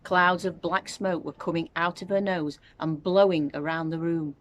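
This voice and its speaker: Low-voiced woman reading a storybook. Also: moderate pace, slight background noise. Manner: expressive storytelling. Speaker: infant school teacher. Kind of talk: reading a children's book aloud.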